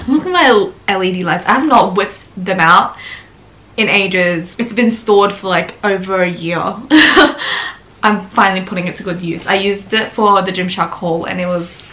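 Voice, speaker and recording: A woman in her twenties chatting excitedly in a casual home vlog, laughing often and filming on a handheld camera. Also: mid-range voice, a little hiss or hum. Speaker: vlogger. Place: at home, indoors.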